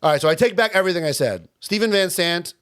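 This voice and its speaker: Young New guy, podcast co-host, lively pitch, chatty, filler-heavy. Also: fast talker, smooth. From Long Island, New York. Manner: animated, chatty, with many fillers. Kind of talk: casual chat.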